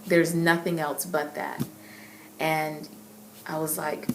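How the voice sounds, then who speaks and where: A young adult woman earnestly recounting a personal faith testimony, emotional and halting, with frequent repeats. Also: sits low, level tone, noisy background. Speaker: inspirational vlogger. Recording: echoey room with faint ambience.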